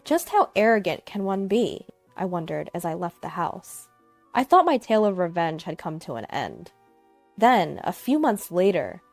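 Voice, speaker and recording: A woman reads a first-person story in an expressive, scripted narration with lively swings of pitch. Her voice is dry and close to the mic. Soft music plays underneath. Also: dry recording. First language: English.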